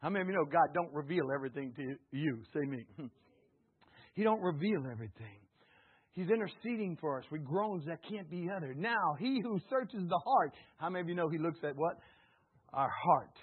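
With lively intonation and a brisk pace, a man preaches fervently, alternating shouts with quiet passages and asking the congregation to echo him. His throat sounds slightly hoarse, and the sound is phone quality.

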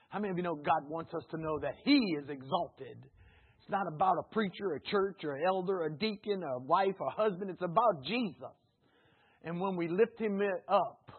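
A man preaching a sermon. He swings from soft asides to loud, shouted climaxes, with chuckles along the way. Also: high voice, normal speed, husky. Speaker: pastor. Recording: tinny phone-like sound.

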